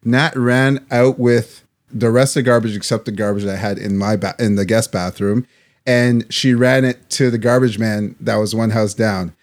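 A man co-hosting a podcast, telling a story in casual chat, animated and swearing freely. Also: lowish voice, normal speed. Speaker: podcast co-host.

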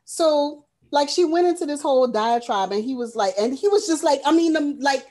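A woman co-hosting a movie review podcast, casually retelling a film plot in a profane, animated way, full of "um" and "like.". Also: sits high, normal speed. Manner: frequent fillers like "um" and "like". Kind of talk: casual chat.

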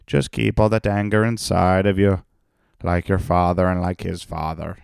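A man's voice: low voice, level tone, normal speed, gravelly, a little mellow, smooth, no echo, studio quality. A man voicing a preachy old-school Irish Catholic man in a mocking, lecturing tone.

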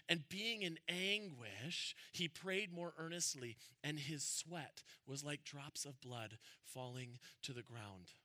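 A young man preaching a sermon, conversational and animated, building to emphatic peaks. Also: a little high, no echo, clean studio sound. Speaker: pastor.

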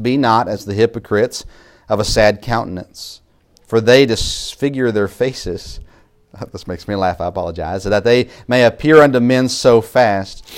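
Male pastor, lower voice, relaxed conversational sermon with digressions. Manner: conversational, self-interrupting, laughs at own asides.

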